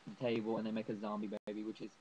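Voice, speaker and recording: A man's voice: lowish voice, completely flat delivery, very fast, a little mellow, muffled recording, a little hiss or hum. A young man rambling enthusiastically through a casual horror movie review, full of fillers.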